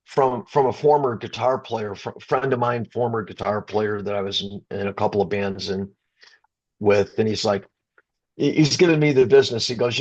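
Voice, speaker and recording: A man's voice: on the low side, fairly even intonation, normal speed, darkish tone, muffled recording. A middle-aged man from the Chicago area, a rock singer, telling an emotional story in an interview, stumbling and restarting and getting choked up. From Chicago area, USA.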